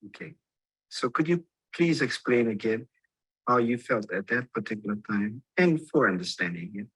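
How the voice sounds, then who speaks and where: A man who guides a ho'oponopono mediation, asking calm, probing questions. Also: mid-range voice, normal speed, husky, no room sound, poor audio. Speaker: ho'oponopono facilitator. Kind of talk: guiding a role-play mediation.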